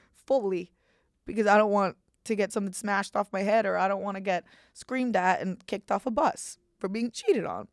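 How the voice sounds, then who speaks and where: A woman's voice: medium pitch, creaky, no echo, studio quality. A young woman in her twenties hosting a podcast, rambling in casual chat, self-deprecating and swearing freely. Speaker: podcast host.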